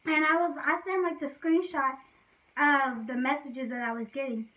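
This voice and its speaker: Young woman, high voice, chatty storytime vlog, lots of fillers, mic a bit distant. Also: steady tone, moderate pace, bright, forceful tone. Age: young adult. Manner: chatty, fillers like "like", frequent laughs. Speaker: vlogger telling a personal story. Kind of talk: casual storytime chat.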